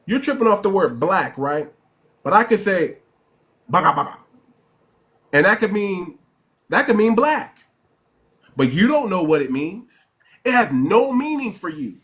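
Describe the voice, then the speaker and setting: A man hosting a heated live stream debate, forceful and repetitive, often cutting in with "listen" and "hold on.". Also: sits high, very animated, a little slow. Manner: forceful, repeats words, interrupts. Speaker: host.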